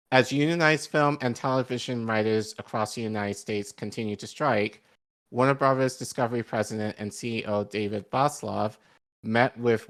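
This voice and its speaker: A man co-hosting an online news show, reading an article aloud with comments, halting with ums and self-corrections, a hint of a Boston accent slipping in. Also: lowish voice, a bit bright. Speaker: podcast co-host.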